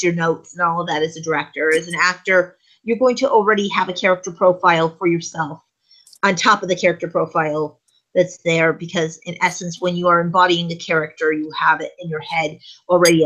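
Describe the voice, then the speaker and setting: A woman's voice: lowish voice, a bit bright, rough recording. A woman co-hosting a casual talk show, explaining at length and acting out short script examples. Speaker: co-host.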